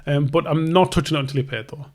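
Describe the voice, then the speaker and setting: This young man speaks rapid-fire in a high-ish voice with a steady tone. As a tattoo artist and podcast host, he casually rambles through a long anecdote, acting out both sides of the conversation, cutting himself short and starting over many times.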